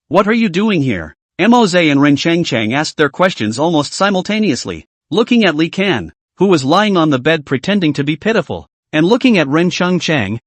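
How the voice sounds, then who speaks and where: A man's voice: on the high side, no room sound. A man narrating a comic story recap in a scripted reading.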